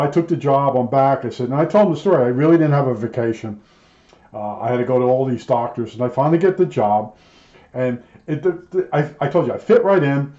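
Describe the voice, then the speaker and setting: A man's voice: medium pitch, dark tone. An older man telling casual, rambling stories about his old job, full of fillers and restarts. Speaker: storyteller recalling his factory job. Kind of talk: casual spoken memoir. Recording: dull, roomy home recording.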